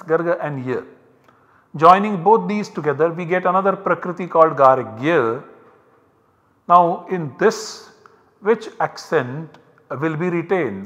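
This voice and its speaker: A man giving a university lecture, explaining step by step in a slow, methodical way. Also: fairly high pitch, a bit bright, long reverb tail.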